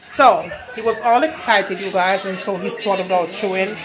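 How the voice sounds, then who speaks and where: A woman's voice: medium pitch, moderate pace. A tired woman hosting a casual cooking vlog in her home kitchen, chatting to viewers as y'all while filming on her phone. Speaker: cooking channel host.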